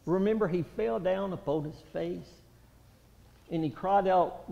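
A man preaching a sermon, impassioned and pleading, swinging from loud outcries to hushed, low passages. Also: a little slow, creaky. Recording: reverberant hall, dull lo-fi sound.

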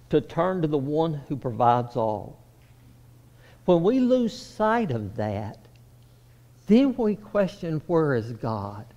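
A man preaching a sermon, swinging between raised, emphatic lines and hushed, low passages. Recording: long reverb of a hall.

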